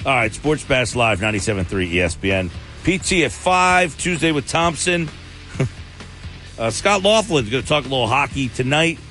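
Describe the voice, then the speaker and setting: A man's voice: mid-range voice, sing-song, normal speed, bright, forceful tone, soft background music. A man hosting a sports radio show, chatting casually with a co-host and laughing often.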